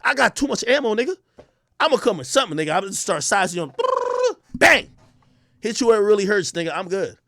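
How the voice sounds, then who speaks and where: A young man from Jamaica ranting on a livestream, loud, profane and boastful. He swings between shouting and muttering. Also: sits high, huge pitch swings, quick pace, no echo, clean studio sound. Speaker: livestream host.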